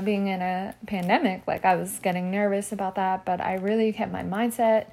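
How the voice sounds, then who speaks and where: A young woman telling a personal story in a vlog, chatty and animated, with "like" in nearly every sentence. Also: lowish voice. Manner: chatty, fills speech with "like"; animated and emotional while retelling. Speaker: vlogger.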